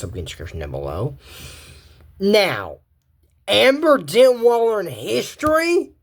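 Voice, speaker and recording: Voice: mid-range voice, breathy edge. A young adult giving casual, rambling commentary on a cartoon episode, full of asides and restarts.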